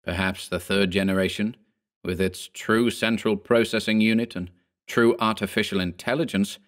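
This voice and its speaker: A man narrating a horror story in a measured, steady storytelling manner. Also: lowish voice. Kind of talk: scripted horror audiobook narration.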